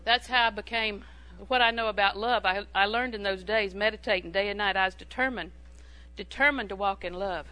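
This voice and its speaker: A woman's voice: mid-range voice, fairly quick, bright, forceful tone, rough recording. A woman preaching a sermon in a humorous, conversational way, repeating phrases for emphasis.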